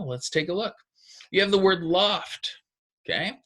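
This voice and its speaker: A man's voice: sits high, animated, a little slow, long pauses, fairly bright tone. A man teaching second graders a recorded phonics lesson, patient and encouraging, explaining step by step.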